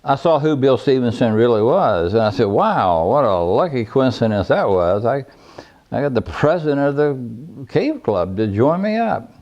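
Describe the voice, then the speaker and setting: With a sing-song, slightly mellow mid-range voice at a moderate pace, this older man recalls his caving history. His storytelling is rambling and plainspoken, and the sound is lo-fi.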